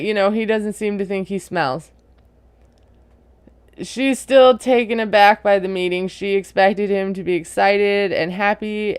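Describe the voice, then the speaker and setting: A woman giving a casual, opinionated recap of a reality TV episode, chatty and quick to laugh. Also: mid-range voice, smooth, no room sound.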